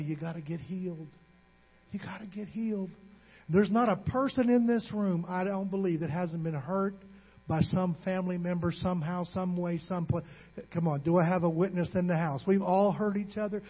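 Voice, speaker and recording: A man's voice: sits high, slightly rough. A man preaching a sermon as pastor, calling out to the congregation and repeating words as he gets emotional. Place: church hall. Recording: dull recording in a reverberant hall.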